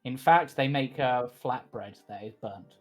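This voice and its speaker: A man's voice: mid-range voice, a little slow, soft background music. Laid-back man running a tabletop game. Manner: casual, laughing, chatty. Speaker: game master.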